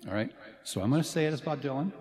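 A man giving a commencement speech as a faculty speaker, earnest but playful, with dramatic pauses. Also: a little high, lively intonation, darkish tone, a little hiss or hum. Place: large ceremony hall. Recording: reverberant hall, faint ambience.

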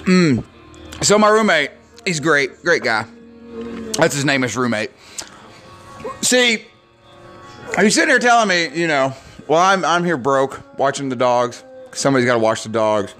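A man's voice: mid-range voice, expressive, moderate pace, long pauses, pushed and bright, soft background music. A man of forty, hosting a drinking podcast, ranting in a sarcastic, self-deprecating way with plenty of swearing. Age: 40s. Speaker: podcast host. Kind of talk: drunk comedic rant.

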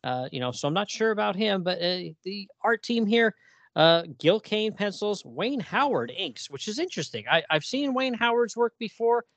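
A man's voice: high voice, big pitch swings, normal speed, fairly bright tone, no echo. A man co-hosting a podcast, chatting casually and animatedly with lots of fillers and laughter. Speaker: podcast co-host. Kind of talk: casual chat about comics.

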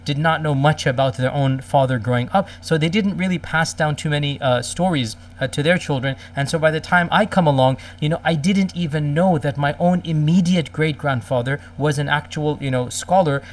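A man's voice: fairly high pitch, far from the mic. A middle-aged man telling a personal story in a casual, rambling way, with many fillers and Arabic religious phrases. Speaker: speaker recounting a personal story.

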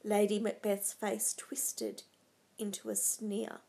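Slow, dramatic female storyteller. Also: mid-range voice, flat delivery, vocal fry, warm tone, husky. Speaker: narrator. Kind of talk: storybook narration.

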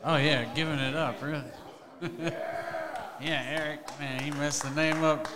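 A man's voice: fairly high pitch, steady tone, measured pace. A man opening a stand-up set in a laid-back, teasing way. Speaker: stand-up comedian. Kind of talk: stand-up opener. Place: comedy club stage. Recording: reverberant club with crowd. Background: audience noise.

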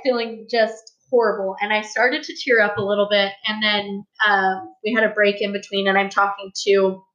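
A woman's voice: mid-range voice, a bit bright. A young woman co-hosting a casual podcast, telling a personal story in an open, reflective way. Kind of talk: casual conversational podcast chat. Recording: roomy, slightly dull sound.

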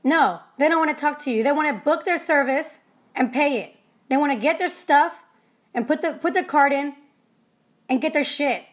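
This young woman's voice is high and bright, and she moves at a moderate pace through a freewheeling pep talk addressed straight to listeners. She swears, speaks bluntly, and animates her anecdotes like an energy healer describing life as a business owner.

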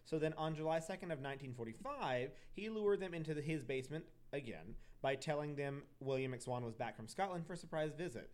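A man's voice: a little high, expressive, a little mellow. Rambling young man telling crime stories. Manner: rambling, profane, quick asides and self-corrections. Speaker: podcast host. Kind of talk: casual true crime storytelling.

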